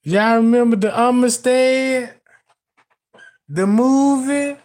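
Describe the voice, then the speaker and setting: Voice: medium pitch, slow pace, darkish tone. A commentator talking to viewers in casual video commentary, emphatic and profane, using street slang and addressing the audience directly.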